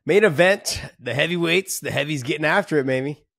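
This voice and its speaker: A man's voice: on the high side, a little fast, gravelly, fairly bright tone, dry recording, studio quality. A man co-hosting a combat sports podcast in loose, joking casual chat. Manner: loose and joking, talks over others. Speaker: podcast co-host.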